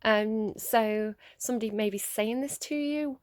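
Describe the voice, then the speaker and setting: A woman's voice: a little high, darkish tone. Musing woman giving a tarot reading. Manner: musing, halting, many ums and restarts; laughs at her own slips. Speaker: tarot reader. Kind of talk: solo tarot reading to camera.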